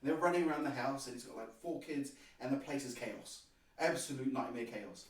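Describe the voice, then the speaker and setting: A man's voice: mid-range voice, brisk. Man telling a story in an echoey room. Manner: animated, acts out quoted dialogue. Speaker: podcast guest. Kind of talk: personal storytelling. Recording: very echoey room, distant mic.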